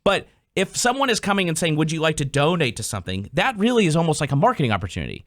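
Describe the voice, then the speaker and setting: A man hosts a casual business podcast, animatedly explaining things while acting out customer conversations in quick voices. His voice is a little high, recorded at studio quality with no room sound.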